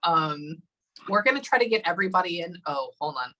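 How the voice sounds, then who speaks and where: A woman's voice: lowish voice, animated, sharp tone, rough recording. A woman working as a psychic medium during a live reading session, often stopping to say hold on and um. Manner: halting, often pausing with hold on and um.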